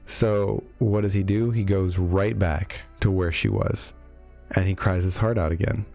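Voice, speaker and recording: A man speaks in a deep, creaky, darkish voice, keeping his intonation fairly even and his pace measured. As a video host reviewing game lore, he casually recaps the story with sarcastic, wry jokes and many fillers, over faint background music.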